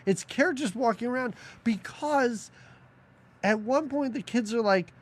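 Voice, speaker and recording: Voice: medium pitch, a little slow. A podcast co-host in casual movie-review chat, mocking scenes and acting out lines from them. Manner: animated, mocking, acts out quotes from scenes.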